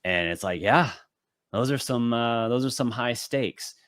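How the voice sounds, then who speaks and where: A man co-hosting a podcast, chatting casually through an episode recap and acting out character lines in quick bits. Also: medium pitch, fairly bright tone. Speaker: podcast co-host. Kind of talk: casual anime recap chat.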